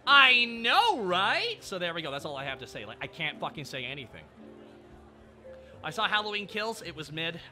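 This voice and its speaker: A male streamer rants and chats with his viewers, sardonic and full of swearing. His voice sits fairly high and swings widely in pitch, with a very bright, forceful edge. Faint music runs underneath. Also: very animated, fairly quick. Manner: sardonic, profane, ranting. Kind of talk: casual live-stream chat.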